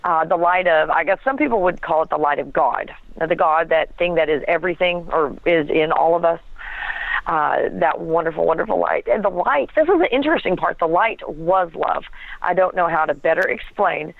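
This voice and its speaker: A woman's voice: on the low side, normal speed, creaky, no echo. A woman telling a personal story as an interview guest, earnest and searching for words, often breaking into a laugh. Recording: tinny phone line, dry.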